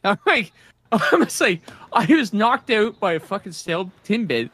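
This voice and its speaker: A man from Canada, slightly higher-voiced than most, tells stories in casual chat with plenty of swearing. His pitch jumps all over as he acts out the scenes. The sound is close and dry, with no room around it. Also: moderate pace, no echo. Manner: animated, swearing, laughing storyteller.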